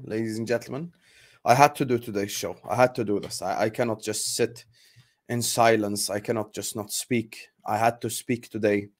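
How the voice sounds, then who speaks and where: A young man hosting a football fan channel, ranting angrily with emphatic, repeated outbursts. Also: fairly low pitch. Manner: angry, repetitive, emphatic outbursts. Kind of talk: heated fan rant.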